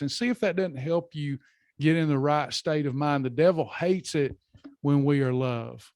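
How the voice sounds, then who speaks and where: A man's voice: on the high side, normal speed, darkish tone, no room sound, clean studio sound. A man hosting a live faith-based wellness session, talking earnestly and repeating himself with many fillers. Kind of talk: casual live webinar talk with guided affirmations.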